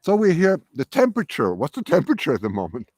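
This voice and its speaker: A man's voice: fairly high pitch, huge pitch swings, fast talker, darkish tone, slightly rough. A man hosting a casual outdoor livestream, chatty and self-correcting as he reads viewer questions. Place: outdoors by a nest in wind.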